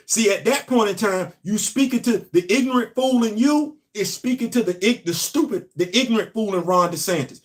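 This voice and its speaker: A middle-aged New Yorker hosts a casual opinion show, speaking emphatically and swinging between loud points and low asides. He talks fairly quickly, with hardly any pauses.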